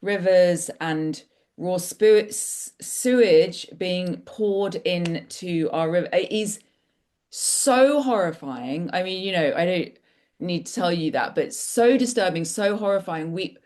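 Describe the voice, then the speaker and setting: A woman's voice: on the low side, takes it slowly, darkish tone. Enthusiastic woman author on a video call. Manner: rambling and enthusiastic, with many restarts. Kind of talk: casual discussion at an online book launch.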